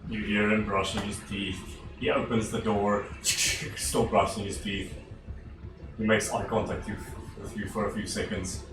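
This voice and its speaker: A man narrating a tabletop game as game master, relaxed and hesitant. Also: fairly low pitch, unhurried, background noise. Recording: roomy, distant mic with background music.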